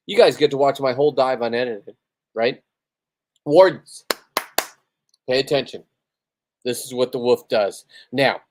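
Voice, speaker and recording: A loose, rambling man talks straight to his viewers on a livestream, a little tipsy after a few beers. He swears freely and boasts between stray asides in a casual, unscripted way. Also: medium pitch. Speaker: livestreaming spearfisherman.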